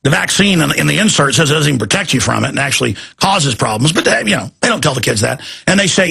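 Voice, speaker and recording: A man's voice: on the high side, big pitch swings, fast, vocal fry, few pauses, pushed and bright, breathy edge. A man hosting a talk-radio show, delivering an agitated, ranting monologue.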